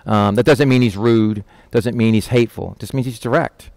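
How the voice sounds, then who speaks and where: A middle-aged male pastor gives a casual, folksy sermon, speaking directly and plainly to the listeners. The sound is close and dry, with no room echo. His pitch sits in an ordinary middle range for a man. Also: fairly even intonation, a little fast, a little mellow. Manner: folksy, direct, acts out voices of disciples with a raised pitch. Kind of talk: conversational sermon with Bible reading.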